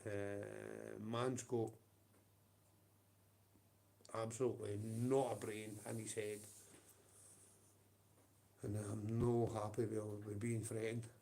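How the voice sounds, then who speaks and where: A man's voice: lowish voice, flat delivery, slow, gravelly, pauses often, mellow. A man with a Scottish accent ranting on a livestream, profane and confrontational, with blunt taunts.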